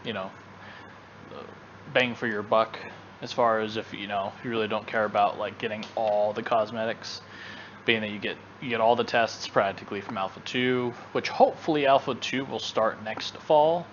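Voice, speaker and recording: A man with a fairly low voice co-hosts a gaming show in loose, casual chat. He rambles and restarts his sentences often. The recording is dull and lo-fi. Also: steady tone, moderate pace, fairly bright tone, a little hiss or hum. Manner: rambling, with many fillers and restarts. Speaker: gaming channel co-host.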